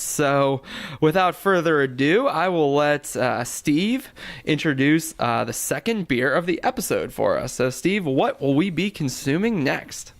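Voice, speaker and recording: A man's voice: on the high side, creaky, a bit bright. A man hosting a beer podcast in casual chat, upbeat and laughing often. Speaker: podcast host.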